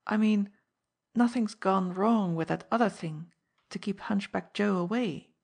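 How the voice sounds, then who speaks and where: A woman's voice: mid-range voice, unhurried, a little mellow. A woman voicing a frail, frightened old man who stammers and whispers. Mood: fearful. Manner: quavering, stammering, breathy whispers.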